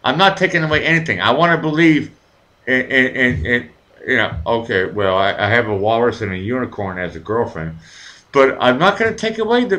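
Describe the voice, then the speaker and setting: A man's voice: mid-range voice, poor audio. A man hosting a live talk show, rambling and swearing freely as he tells stories. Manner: rambling, profane, animated storytelling. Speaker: show host. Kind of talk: casual live chat.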